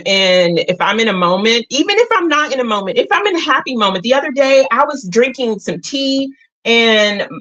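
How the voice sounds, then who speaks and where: Emotional woman, lively livestream talk. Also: on the high side, lo-fi sound. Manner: emotional, earnest, talks to viewers directly. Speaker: livestream host. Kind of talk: casual livestream chat.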